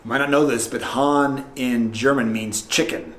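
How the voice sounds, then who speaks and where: A man's voice: medium pitch, steady tone, normal speed, fairly bright tone, slight background noise. A man hosting a comedic campus introduction video, narrating in a playful mock-serious way. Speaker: host.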